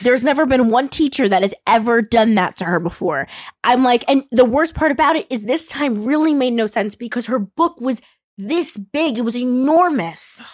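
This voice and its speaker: A young woman telling a story in casual chat, animated and expressive, swearing freely. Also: a little high, moderate pace, no echo.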